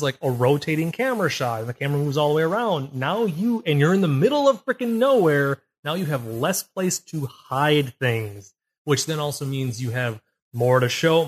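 A man co-hosting a casual film podcast, rambling and restarting as he explains camera technique. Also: medium pitch. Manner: rambling, self-correcting, explains technical detail. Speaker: podcast co-host. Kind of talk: casual chat. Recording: poor audio, uneven levels.

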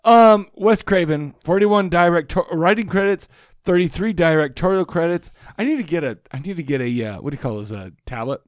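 A man's voice: on the high side, animated, a little fast, dry recording, studio quality. A man co-hosting a casual horror podcast, joking and laughing, troubled by hiccups. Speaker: podcast co-host. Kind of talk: casual chat.

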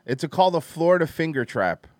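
Male comedy host, rowdy and crude, animated voice, dry booth sound. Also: on the high side, quick pace, no echo. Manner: loud, goofy, bursts into shouting. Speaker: podcast host.

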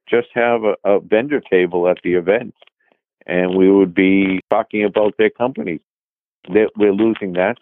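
Deep-voiced Boston man on a phone line. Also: no room sound. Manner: rambling, many fillers and restarts. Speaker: podcast guest, trade journal publisher. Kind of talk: casual interview talk.

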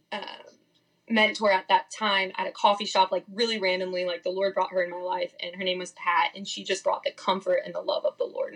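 Young adult woman, podcast guest, frank and meandering, mid-pitched voice with vocal fry. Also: a bit bright, low-quality recording. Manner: candid, rambling, frequent "like" fillers. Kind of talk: casual testimony.

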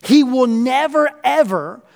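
A man's voice: very high-pitched, expressive, slow, vocal fry, a little mellow, in a large hall. A man preaching a sermon as a pastor. He speaks earnestly and passionately, building emphasis with repeated phrases.

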